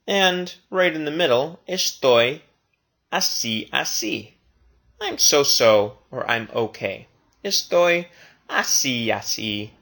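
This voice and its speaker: A male teacher talks through a recorded language lesson at a slow, unhurried pace. He says each phrase twice so young learners can follow along. His voice sits at a middle pitch. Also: lively intonation, gravelly, a bit bright. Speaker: Spanish teacher.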